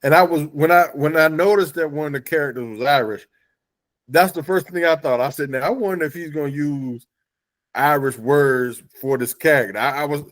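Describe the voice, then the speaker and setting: A man hosting an interview show who talks with enthusiasm and stumbles over his words as he praises his guest's comic. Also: fairly high pitch. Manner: enthusiastic, halting with restarts. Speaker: podcast host. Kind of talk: casual interview chat.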